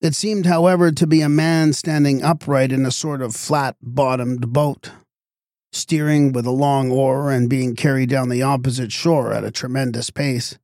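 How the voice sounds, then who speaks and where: Male narrator, audiobook, measured expressive reading, gravelly voice, dry close recording. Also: medium pitch, no echo. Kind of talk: audiobook narration of a literary story.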